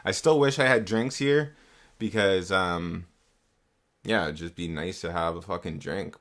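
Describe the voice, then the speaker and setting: Young man, low-pitched, casual stream talk, curses a lot, repeats words, desktop mic. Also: measured pace, fairly bright tone. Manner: casual, swears often, repeats himself. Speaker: livestreamer. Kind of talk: casual live stream chat. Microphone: desktop USB mic.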